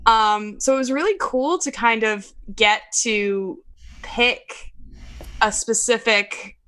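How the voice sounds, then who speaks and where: An enthusiastic woman voice actor from Pennsylvania talks casually as a podcast guest. Her tone is bright and forward. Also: fairly high pitch, takes it slowly, clean tone.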